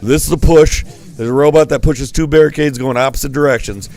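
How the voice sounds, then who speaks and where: A man's voice: mid-range voice, brisk, a little mellow. Joking male esports commentator. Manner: rambling, playful asides. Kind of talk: joking live game commentary.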